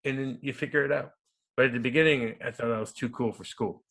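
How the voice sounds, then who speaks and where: A man in his thirties, a former hockey enforcer, telling stories in an interview with a loud, profane manner that swings down to soft mumbles. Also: medium pitch, steady tone, quick pace, gravelly. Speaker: guest, former hockey enforcer and radio host. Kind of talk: animated interview storytelling.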